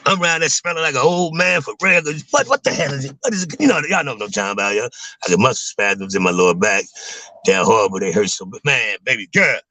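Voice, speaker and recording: A man's voice: medium pitch, sharp tone, dry recording, rough recording. Laid-back man rambling in casual slang. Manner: rambling, laid-back slang with frequent "man" and "you know what I'm saying". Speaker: vlogger talking to viewers. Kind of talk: casual livestream chat.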